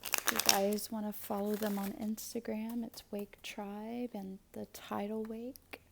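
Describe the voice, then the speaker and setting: A woman giving a spiritual tarot reading and prayer in a soft, often half-whispered voice, her mouth a little swollen after dental work. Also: medium pitch, level tone, unhurried, creaky, very noisy. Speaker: tarot reader and astrologer.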